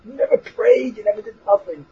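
A man teaching a Torah lesson in a lively, animated way, mixing Hebrew and English, acting out voices and laughing along the way. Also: high-pitched, fairly quick, slight background noise. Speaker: rabbi teaching a class. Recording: dull lo-fi recording.

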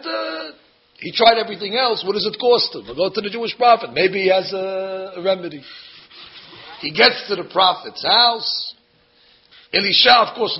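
A man teaches a Bible lesson as an animated storyteller who acts out every character. His voice sits high, and the recording is dull and lo-fi. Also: vocal fry. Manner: lively storyteller acting out the characters. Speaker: religious teacher.

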